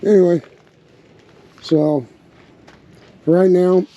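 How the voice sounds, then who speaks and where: A man in a relaxed, casual vlog, thinking aloud as he talks through a project outdoors, with a slight bark in his voice. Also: high-pitched, slow pace. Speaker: RV vlogger building a truck tank. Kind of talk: casual workshop vlog narration. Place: outdoors at a windy campsite. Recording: dull lo-fi outdoor recording with wind noise.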